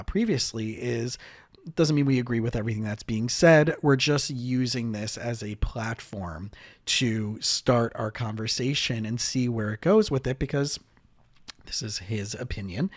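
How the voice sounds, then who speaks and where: A man's voice: medium pitch, dry recording, studio quality. A man hosting a podcast as a marriage and family therapist, chatting casually with lots of fillers and restarts.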